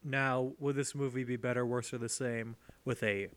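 A man's voice: medium pitch, steady tone, normal speed, fairly bright tone. A man hosting a podcast, chatting casually and joking playfully. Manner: playful, jokey, laughs often. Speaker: podcast host.

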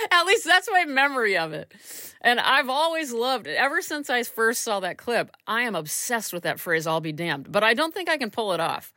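A woman's voice: fairly high pitch, very animated, moderate pace, pushed and bright, no room sound, clean studio sound. A woman hosting a casual solo podcast from a small room at home, rambling and self-deprecating, a little stuffy from allergies. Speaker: podcast host.

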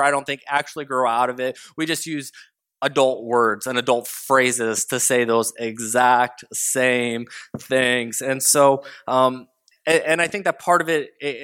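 A young adult man from the United States, a father, preaching a sermon in a relaxed, conversational storytelling way, mimicking his toddlers now and then. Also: mid-range voice.

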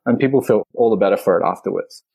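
A man's voice: on the low side, quick pace, gravelly, a little mellow, husky. A man who runs breathwork sessions, talking earnestly and enthusiastically in an interview, sometimes searching for words. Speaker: breathwork facilitator. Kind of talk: conversational explanation.

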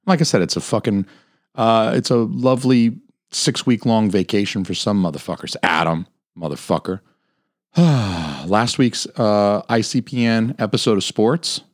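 Deep-voiced, profane podcast host ranting. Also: male voice, a little slow, dry recording, clean studio sound. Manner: profane, crude, rambling. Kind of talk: solo podcast rant.

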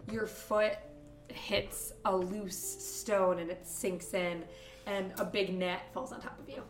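A woman's voice: mid-range voice, fairly even intonation, takes it slowly, roomy sound, faint music behind. A woman narrating as game master, casual and loose, with lots of "um" and "like". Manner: casual, filler-laden narration with frequent "um" and "like".

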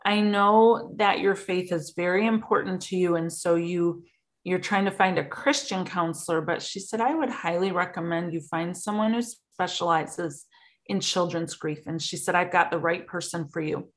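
A woman's voice: on the low side, moderate pace. A woman in a casual conversation, talking earnestly and openly about feelings. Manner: earnest, openly emotional talk. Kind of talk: casual chat.

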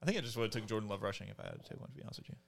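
A man's voice: fairly low pitch, expressive, racing, gravelly. A man co-hosting a casual sports podcast, full of slangy, joking banter.

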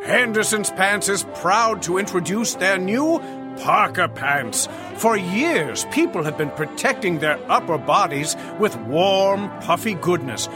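Man plays a cheesy commercial announcer, high and sing-song, music bed underneath. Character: smooth male ad pitchman selling parka pants. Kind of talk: mock radio commercial.

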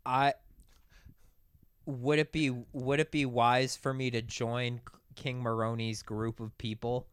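A man's voice: medium pitch, little pitch movement, measured pace, clean tone, no echo. A man playing a tabletop game, joking crudely and laughing a lot. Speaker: player. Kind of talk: casual game chat.

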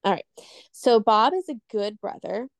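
A woman's voice: a little high, expressive, dry recording. Woman co-host, casual, digresses while telling scary tales; dry, close recording. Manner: rambling, loses her train of thought, quick asides. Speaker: podcast co-host, storyteller.

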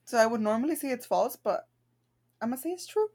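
A woman's voice: fairly high pitch, expressive, quick pace, darkish tone. A woman co-hosting a podcast, guessing quiz answers in casual chat, playful and joking with frequent laughter.

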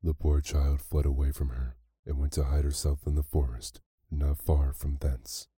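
A man narrating a classic fairy tale as a slow, soothing bedtime story. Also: a bass voice, little pitch movement, slightly rough, no echo, clean studio sound. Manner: slow, soft, soothing reading.

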